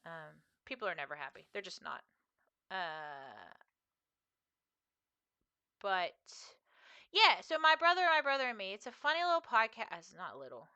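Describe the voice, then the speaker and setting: A chatty woman streamer rambles to her viewers as she plays. Her bright, sharp voice sits in a middle pitch range. Her talk wanders loosely from one thing to the next. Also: smooth, muffled recording. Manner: chatty and rambling, talking to chat. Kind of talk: casual chat while gaming.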